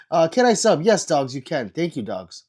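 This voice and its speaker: A man's voice: very animated, moderate pace, darkish tone, slightly rough. Sick man chatting through a livestream. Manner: low-energy, chatty, reads comments aloud. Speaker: livestreamer reading chat. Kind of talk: casual livestream chat.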